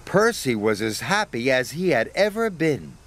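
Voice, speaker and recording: A man narrating a children's story in a gentle, expressive storyteller manner. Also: mid-range voice, unhurried. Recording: narration over music score.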